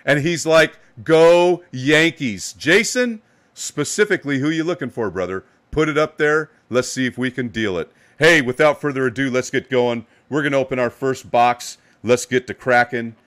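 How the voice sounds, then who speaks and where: A man's voice: medium pitch, moderate pace. Middle-aged male live-stream host, upbeat and hyped, a bit tired, everyday mid-range voice. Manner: upbeat, hyped shout-outs to chat viewers. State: a little tired. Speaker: live card-break host. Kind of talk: live-stream card break commentary.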